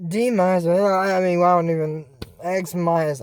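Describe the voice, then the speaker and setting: A vlogger casually recapping a cartoon episode in a chatty, excitable way, full of fillers and restarts. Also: mid-range voice, measured pace, few pauses, smooth. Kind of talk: casual rambling recap commentary.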